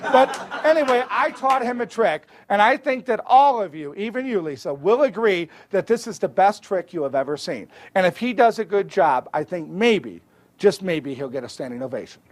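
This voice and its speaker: High-voiced joking stage magician. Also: male voice, expressive, normal speed. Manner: joking, teasing banter with a volunteer. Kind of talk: live comedy magic show. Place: live theater stage. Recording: live stage with loud crowd noise.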